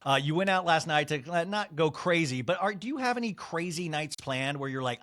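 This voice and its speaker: A man hosting a podcast interview, chatting in a gossipy, excitable way. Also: a little fast. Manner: gossipy, jumps pitch high when excited. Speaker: podcast host. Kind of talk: casual interview chat.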